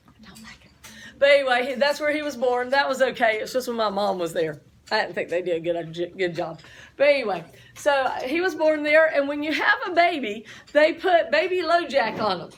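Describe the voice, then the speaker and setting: High-voiced chatty woman teacher. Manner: chatty, storytelling, asks the class questions. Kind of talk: classroom lecture with stories.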